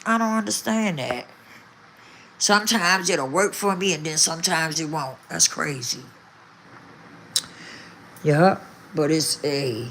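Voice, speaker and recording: A woman's voice: lowish voice, lively intonation, measured pace, long pauses, sharp tone, a little hiss or hum. Emphatic older woman chatting to viewers. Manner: emphatic, repeats herself, talks straight to viewers. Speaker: vlogger. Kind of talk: casual chat to viewers.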